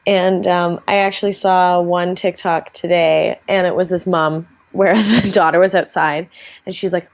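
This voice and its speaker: A woman in her twenties co-hosting a casual chat, telling stories and acting out quotes in lively voices. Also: on the low side, a little slow. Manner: chatty storyteller, acts out quotes in animated voices. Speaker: podcast co-host.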